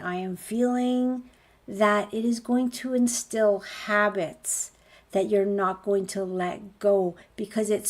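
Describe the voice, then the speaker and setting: A woman's voice: mid-range voice, a little mellow. A woman, a spiritual healer, giving an earnest motivational talk, stacking rhetorical questions as she promotes her course.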